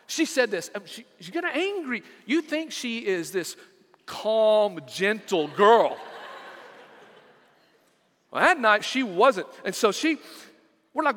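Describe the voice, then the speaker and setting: A man's voice: extremely high pitch, sing-song, unhurried, a bit bright, big-room sound. A middle-aged man, preaching a sermon as pastor, telling stories and repeating words for emphasis.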